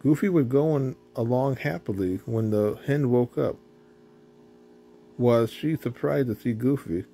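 A man reading a children's storybook aloud, steady with small slips. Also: mid-range voice, measured pace, creaky, a little hiss or hum. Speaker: storybook reader.

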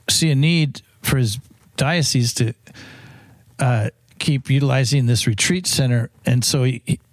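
A man's voice: medium pitch, no room sound. Priest guy telling a long story, lots of false starts, dry sound. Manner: rambling anecdotes with many restarts. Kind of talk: storytelling interview answers.

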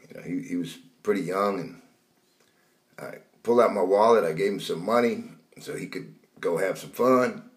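A man tells a dream as a rambling testimony, repeating words and raising his voice for retold shouts. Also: low voice, normal speed. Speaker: preacher telling a dream. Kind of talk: storytelling testimony.

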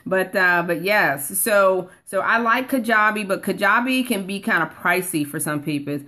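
A woman's voice: mid-range voice, normal speed, pushed and bright. A woman coaching viewers on a casual live stream, chatting and reading comments aloud, calling people honey. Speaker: online course coach.

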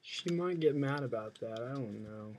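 A man's voice: medium pitch, lively intonation, moderate pace, a little mellow. A young man chatting casually to his webcam at home at his computer, rambling and mumbling with lots of fillers. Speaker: video blogger.

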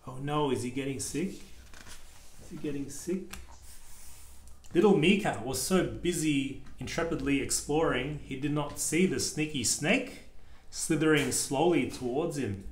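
A man's voice: mid-range voice, measured pace. Father reading a picture book aloud. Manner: gentle, pointing out pictures. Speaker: father reading to his child. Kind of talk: children's book read-aloud. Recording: echoey room.

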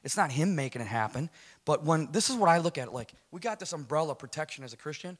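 A man's voice: a little high, quick pace. A man telling his personal testimony to a church audience, speaking emphatically in a loose, conversational way and checking in with "right?". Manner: animated, emphatic, conversational, keeps asking "right?".

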